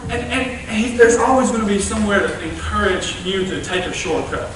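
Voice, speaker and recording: A young man delivers a folksy, animated youth sermon in a high voice. He sounds distant from the mic, his words bouncing around a very echoey church. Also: brisk, background noise. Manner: animated, folksy storytelling with playful asides. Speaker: youth revival speaker. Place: church sanctuary.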